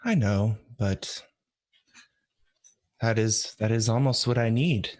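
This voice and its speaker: A man voicing a weary, earnest male hero-healer in a tabletop game, speaking slowly and solemnly with halting pauses. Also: lowish voice, a little mellow. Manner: slow, solemn, halting speech.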